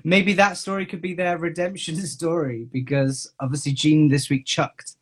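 Giggly husky co-host. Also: medium pitch, normal speed. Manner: giggly, teasing, animated. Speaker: podcast co-host. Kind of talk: casual chat.

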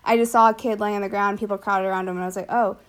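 A young woman talks casually and at length, with lots of filler words and easy laughter. Her voice sits at an ordinary middle pitch for a woman. She sounds like someone chatting with a family member. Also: fairly even intonation, racing, clear, resonant tone. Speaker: older sister telling her story. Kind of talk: casual conversation.

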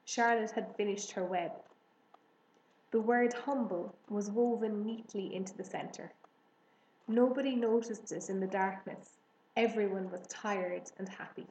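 A woman narrating a children's storybook in a measured, gentle manner. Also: mid-range voice, steady tone. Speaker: audiobook reader. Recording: roomy echo, faint hiss.

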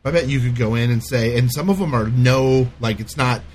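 A middle-aged man in casual podcast chat, telling a profane, animated rant. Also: medium pitch, a little fast, a little hiss or hum. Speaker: podcast co-host.

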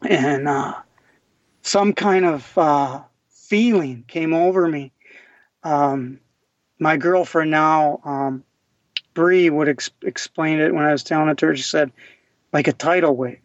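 A man's voice: on the high side, dry recording. Man telling a raw recovery story. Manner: raw, halting, emotional storytelling with many restarts. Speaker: podcast guest. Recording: dry, dull lo-fi audio.

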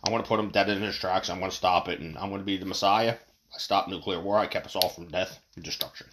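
A man's voice: low-pitched, steady tone, background noise, voice pushed down, close to an everyday voice. A man mocking a boastful old politician. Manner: rapid grandiose self-praise. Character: mocking impression of a boastful older male politician.

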